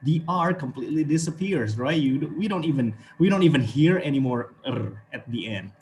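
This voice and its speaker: A man's voice: fairly high pitch, animated, moderate pace, darkish tone, slight background noise. A man from Indonesia with an Indonesian accent, teaching an online English class with encouragement, often checking in with "okay" and "right". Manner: encouraging, repeats words, frequent okay and right.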